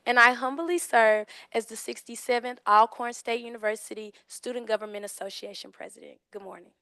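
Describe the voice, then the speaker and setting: A young woman in her twenties, a student leader, introducing herself in slow, ceremonious phrasing. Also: fairly high pitch, sharp tone, dry recording, studio quality. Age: 20s. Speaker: student government president. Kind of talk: formal self-introduction.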